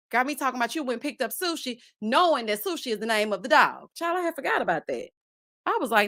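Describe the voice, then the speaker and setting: A woman hosting a casual reality TV recap, sassy and animated, calling her viewers child and baby and breaking into laughs. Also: dry recording, clean studio sound. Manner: bursts into high laughs. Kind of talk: casual chat.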